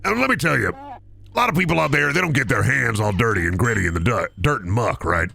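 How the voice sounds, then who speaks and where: A swaggering everyman contractor, put on by a man, who rambles and boasts about his craft like a pitchman. The tone is gravelly and bright, with lively swoops in pitch. Faint music plays underneath. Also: fast, heavily acted. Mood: boastful. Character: boastful everyman male deck-building contractor. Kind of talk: comedic improvised character bit.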